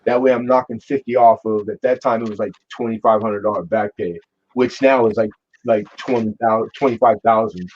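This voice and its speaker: A man in his forties telling a long personal story in casual chat, animated, swearing and restarting his sentences often. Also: on the low side, a little fast. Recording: dull lo-fi sound.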